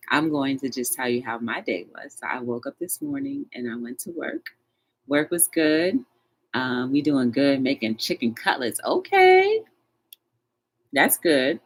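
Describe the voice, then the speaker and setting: A woman hosting a casual livestream talk show, greeting her viewers one by one in a chatty, animated way. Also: extremely low pitch.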